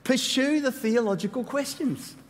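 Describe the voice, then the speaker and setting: A man preaching a sermon as pastor, animated and playful, with quick asides. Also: very high voice. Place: church hall. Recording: long hall reverb.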